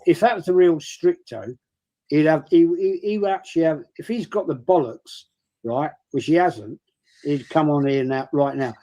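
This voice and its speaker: A man's voice: a little high, normal speed, warm tone. A man on a live-stream chat, brash and challenging, swearing often.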